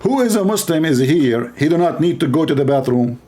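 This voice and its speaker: A man's voice: on the high side, lively intonation, fairly quick, dark tone. A man giving sarcastic commentary as a religious debater, mocking and plain-spoken.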